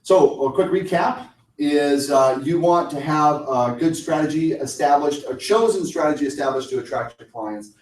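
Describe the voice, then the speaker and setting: In a meeting room, a man with a fairly high voice gives a lunch-talk sales coaching session to a small audience at a moderate pace, keeping it conversational and acting out short client exchanges. The room is echoey and the mic is distant.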